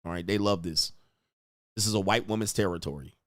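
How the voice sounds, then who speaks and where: A man's voice: sits low, brisk, dry recording. A man hosting a livestream, ranting crudely and rambling, constantly saying "all right" between points. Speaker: livestream host. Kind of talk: casual livestream rant.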